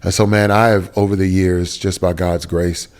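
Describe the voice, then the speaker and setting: Man, deep voice, earnest interview guest sharing a raw personal story, casual and emotional. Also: little pitch movement, normal speed. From Texas, USA. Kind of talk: candid personal testimony in a sit-down interview.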